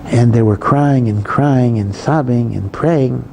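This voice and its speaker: A man's voice: mid-range voice, slow pace, vocal fry, a little mellow, slight background noise, low-quality recording. A male rabbi giving a Torah lecture in a conversational way, full of asides and repeated phrases. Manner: conversational, many asides and repetitions.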